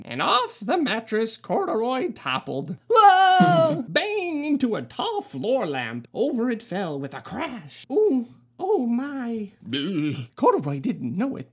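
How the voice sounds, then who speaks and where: A woman's voice: a little high, slightly rough. A woman reading a children's storybook aloud in a playful, sarcastic way. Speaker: storybook reader. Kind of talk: storybook read-aloud with jokey asides.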